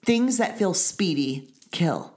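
Woman, ministry leader, earnest devotional teaching, lowish voice, repeats key lines. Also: lively intonation, slow, mellow.

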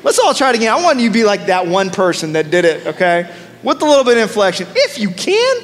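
A man in his thirties preaching a sermon, energetic and joking, leading the congregation in call-and-response. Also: high voice, fast. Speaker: pastor. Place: large church sanctuary. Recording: long church reverb, faint noise.

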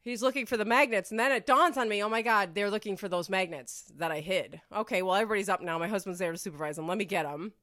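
A woman's voice: medium pitch, fast, hardly any pauses, sharp tone, no echo. Woman podcast host, rambling casual chat, dead-dry close sound. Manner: rambling, filler-heavy storytelling.

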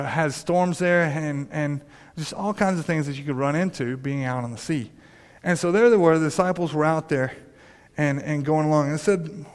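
A man preaching a sermon in a conversational way, often restarting his sentences and acting out quoted voices. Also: fairly high pitch. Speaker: pastor. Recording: long reverb of a hall.

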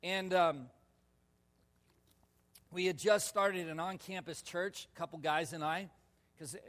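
A male pastor telling a personal story in a sermon, animated and laughing, with sudden loud shouts. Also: a little high. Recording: long reverb of a large hall.

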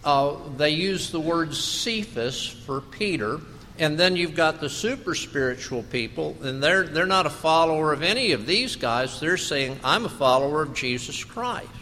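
A pastor preaching a sermon, slow and emphatic, asking his congregation rhetorical questions. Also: on the high side, lively intonation, pushed and bright, in a large hall, a little hiss or hum.

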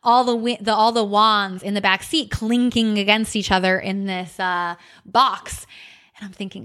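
A woman hosting a podcast, telling a personal story in a candid, animated way, with many fillers and some swearing. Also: mid-range voice, moderate pace. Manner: seen on camera holding crystal wands. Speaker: podcast host. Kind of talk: personal reflective monologue.

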